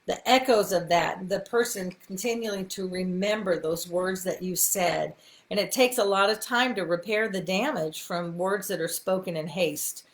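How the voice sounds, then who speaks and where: A woman's voice: fairly low pitch, normal speed. A middle-aged woman, hosting a live faith talk in a folksy, encouraging way with many ums and asides. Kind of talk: casual live-stream teaching.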